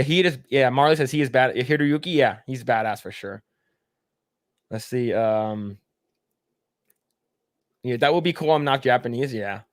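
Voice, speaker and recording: A man's voice: medium pitch, no room sound, studio quality. A man hosting a casual podcast, reading chat comments aloud and rambling with frequent swearing and laughter. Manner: rambling, profane, laughs often.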